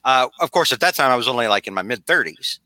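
A man's voice: mid-range voice, lively intonation, quick pace, pushed and bright, no echo. A man in his forties co-hosting a podcast, rambling and joking with many hesitations. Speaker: podcast co-host. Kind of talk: casual chat.

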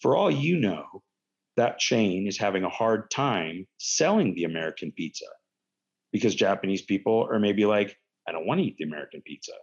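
A man voicing a calm male friend who lectures him in a low, measured tone. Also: slightly rough, dull audio. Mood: lecturing.

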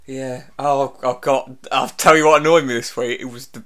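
A man's voice: mid-range voice, fairly even intonation, normal speed, a bit bright. A man hosting a radio show, telling rambling anecdotes in dry casual banter and mimicking the people in them.

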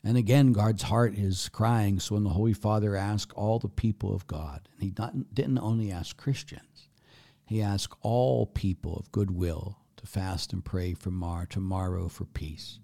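A man's voice: fairly low pitch, fairly even intonation, measured pace, creaky, warm tone. A man, a priest answering viewer questions in a casual live Q&A, blunt and chatty with many fillers. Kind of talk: casual live Q&A, reading comments aloud.

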